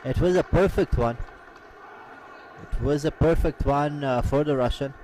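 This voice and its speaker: A man commenting live on a combat sports event, with a halting delivery full of "uh" fillers. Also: a little high, warm tone, slight background noise, low-quality recording.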